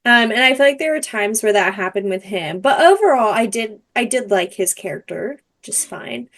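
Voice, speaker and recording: A woman's voice: a little high, expressive, moderate pace, a bit bright. A young woman co-hosting a book podcast, casual and teasing with sarcastic asides. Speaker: podcast co-host.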